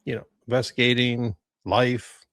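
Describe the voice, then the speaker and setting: A man hosting a podcast, chatting calmly with his guest and affirming what she says. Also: medium pitch, a little slow, dry recording, clean studio sound. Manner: calm, agreeable, short affirmations. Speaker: podcast host, paranormal investigator. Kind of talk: casual interview chat.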